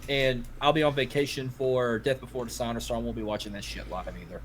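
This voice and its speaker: A man's voice: medium pitch, steady tone, fast, slight background noise. Brief: Cajun man, podcast co-host, rambling, profane, casual. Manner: rambling, profane, heavy on filler "like".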